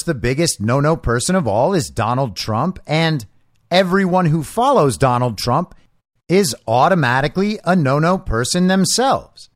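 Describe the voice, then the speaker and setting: A man delivering a sarcastic, mocking commentary monologue, his voice set a touch high and swinging widely up and down. The sound is close and dry, with no room around it. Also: no room sound. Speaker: political commentary host. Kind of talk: opinionated monologue.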